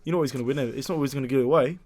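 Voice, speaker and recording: Fast-talking easygoing young Englishman. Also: medium pitch, no room sound. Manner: easygoing, pushes back calmly. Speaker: podcast guest. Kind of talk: casual chat.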